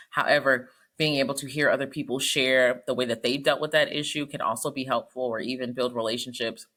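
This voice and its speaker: A woman psychologist giving casual advice, talking fast and telling stories with animation. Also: extremely low pitch, fairly bright tone.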